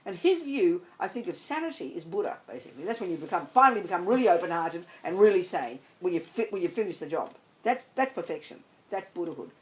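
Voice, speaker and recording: A woman's voice: lowish voice, big pitch swings, quick pace, hardly any pauses, rough recording. A woman, a Buddhist nun, giving an emphatic, blunt dharma talk to a group. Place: meditation centre hall.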